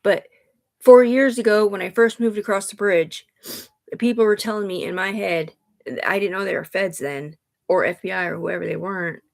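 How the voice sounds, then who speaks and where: A woman's voice: mid-range voice, creaky. A woman talking on a livestream in an agitated, rambling way, swearing a lot, restarting sentences and addressing her listener as sir, upset and sighing. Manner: agitated, profane, run-on talk with many restarts.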